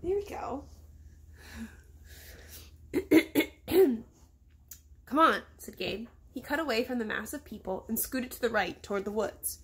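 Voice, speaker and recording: A woman reads her own children's novel aloud at home, in a fairly high voice. She tells the story in a steady, plain way and gives the boys' lines small shifts of voice. The reading has the feel of a home recording rather than a studio. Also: measured pace, long pauses, husky. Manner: stops to talk to her dog, then goes on reading.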